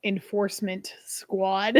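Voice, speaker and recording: A woman's voice: medium pitch, level tone, slow pace, no room sound. A middle-aged woman co-hosting a podcast, giving practical advice in an easygoing, casual way. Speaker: podcast co-host. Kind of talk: casual chat.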